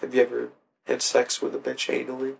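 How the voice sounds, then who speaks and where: A man's voice: medium pitch, completely flat delivery, a little fast, gravelly. A man in casual, crude conversation who asks blunt, teasing questions.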